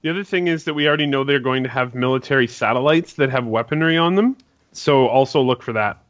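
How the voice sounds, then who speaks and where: A man's voice: mid-range voice, fast talker, fairly bright tone, no room sound. A man in a casual chat over an online voice call, matter-of-fact as he explains things. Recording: dull lo-fi call audio.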